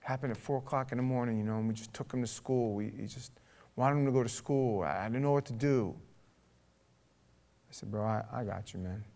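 A pastor, telling a story in a sermon, acting out the people in it and building to a forceful charge. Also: male voice, medium pitch, brisk, creaky. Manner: conversational, acts out dialogue, rising to forceful exhortation.

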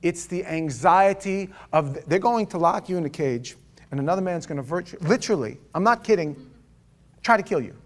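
A pastor preaching a sermon, swinging from loud emphatic lines to quiet asides, with chatty restarts and stammers. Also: male voice, high voice, lively intonation, a little fast.

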